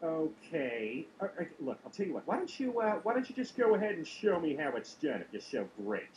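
A man voicing a loud, dim-witted cartoon dad with a nasal, goofy voice in a rap parody. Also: a little high, very animated, a little fast, slight background noise, pitched below the performer's own voice, low-quality recording. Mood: puzzled. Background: hip-hop beat.

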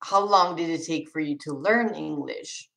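This low-quality clip features a young woman from Sweden on a live stream, casually reading out chat questions and responding with restarts and laughter in her Swedish accent. Her voice is low and a bit bright, with vocal fry, at a moderate pace.

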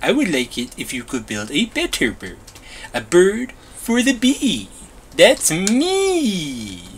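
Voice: mid-range voice, wildly swooping pitch, takes it slowly, slight background noise. A performer voicing a bossy, childish overseer figure who calls itself a bee, ordering builders about in whiny, broken-grammar comedy machinima lines. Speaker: boss directing the builders.

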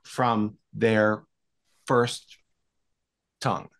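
An American man explaining voiceover coaching in a podcast interview, telling stories in a lively way. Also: on the low side, drawn-out words, gravelly.

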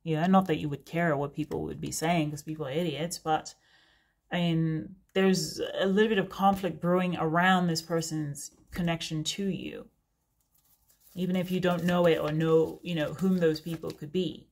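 A woman's voice: low-pitched, fairly even intonation, normal speed, darkish tone. A woman giving a casual, unscripted reading as a host, talking in a chatty, rambling way with frequent laughing digressions. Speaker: tarot reader.

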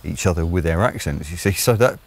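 Speaking fairly quickly in a low, animated voice with vocal fry, an English vlogger offers his opinions solo. Fillers and hesitations run through his rambling, along with blunt, sardonic asides.

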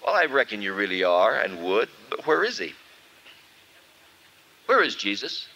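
A man preaching a sermon at a camp meeting and leading the congregation in song, talking expressively with pauses. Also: lowish voice. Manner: expressive, leads singing, animated pauses. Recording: dull lo-fi 1970s tape with faint music.

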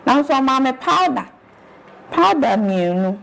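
Ghanaian mother as interview guest, slightly high voice, rambling and animated telling. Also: unhurried, creaky. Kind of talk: casual storytelling.

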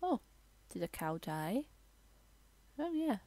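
A woman rambling through a casual game voiceover, halting and restarting as she tours her builds. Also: medium pitch, big pitch swings, dark tone, no echo. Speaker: gamer giving a tour.

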